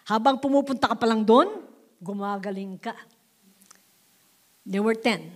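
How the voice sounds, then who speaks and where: A woman with a Filipino accent preaching a sermon in an animated, emphatic way, mixing English with Tagalog and repeating her points. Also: on the high side, measured pace, pauses often. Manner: switches between English and Tagalog.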